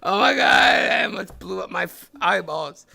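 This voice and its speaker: A man hosting a podcast in a casual chat, giggling constantly and bursting into excited shouts. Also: sits high, normal speed, creaky. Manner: giggly, laughs constantly between lines. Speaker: podcast host.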